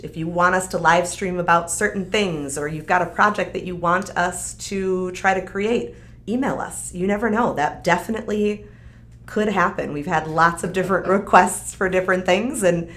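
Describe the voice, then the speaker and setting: On a live stream, a woman shows off a craft kit in a relaxed, cheerful product demo, chatting away and using lots of fillers. Her pitch is fairly low and her tone fairly bright.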